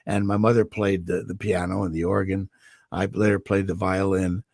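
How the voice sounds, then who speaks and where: An older man from Indiana, a guest voice actor telling animated stories about his life on a video call. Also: deep voice, normal speed, gravelly, no echo, clean studio sound. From Indiana, USA. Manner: animated storyteller, slips into character voices for quotes. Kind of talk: anecdotal storytelling.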